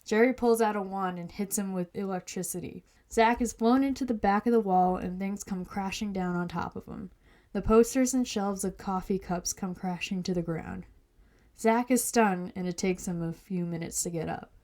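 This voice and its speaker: Podcast host reading her own story, playful woman, even narration. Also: medium pitch, normal speed.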